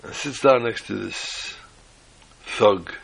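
A man teaches a sermon-style class on the Haggadah, telling a joke, restarting often, and sprinkling his storytelling with Hebrew and Yiddish terms. His fairly low voice is slow, with vocal fry and a breathy edge, and the audio is poor.

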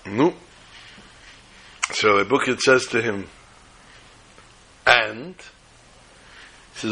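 Husky animated rabbi teaching. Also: male voice, mid-range voice, slow, long pauses. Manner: animated storyteller, acts out quoted voices, mixes Hebrew terms. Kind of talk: Torah class with storytelling.

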